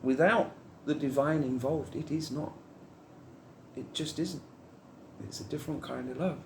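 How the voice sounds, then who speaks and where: A man's voice: a little high, a little slow, creaky, roomy sound, background noise. A man giving a rambling, heartfelt spiritual monologue to camera, musing on love and trust.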